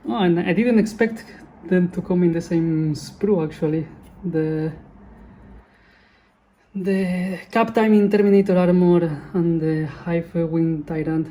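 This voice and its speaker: Brief: woman host, casual unboxing chat, corrects herself as she goes, mellow low voice. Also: fairly even intonation, slow pace. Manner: chatty, often corrects herself. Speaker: channel host.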